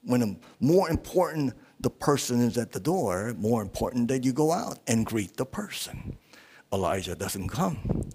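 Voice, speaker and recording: A man preaching a sermon as a guest speaker at a small church, halting with many fillers and pausing to ask the congregation rhetorical questions. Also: medium pitch, very animated, a little mellow, breathy edge.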